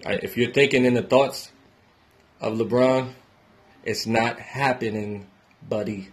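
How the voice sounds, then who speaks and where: Young man, casual profane rant, loud bursts then low mutters, mid-pitched voice. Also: fairly even intonation, measured pace. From New York. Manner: profane and emphatic, swinging between loud outbursts and low mutters. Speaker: independent musician giving sports opinions. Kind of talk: casual ranting monologue.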